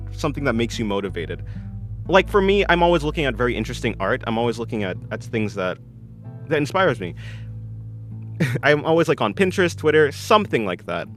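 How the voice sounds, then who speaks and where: A man's voice: a little high, a bit bright. A young man chatting on his art stream, answering viewers in a rambling, self-correcting way and laughing often.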